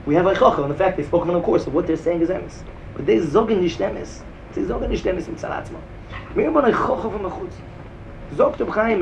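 Man, yeshiva-style Talmud lecture, Yeshivish English accent, high gravelly voice, sing-song with loud emphatic peaks. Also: slight background noise. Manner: sing-song, rising to emphatic bursts and dropping low. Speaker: Talmud teacher.

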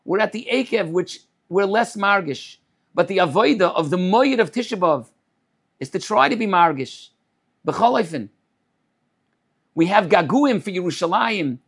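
High-voiced rabbi preaching slowly. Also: male voice, expressive, a bit bright, breathy edge. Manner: measured, repeats phrases, weaves in Hebrew terms. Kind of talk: Torah sermon.

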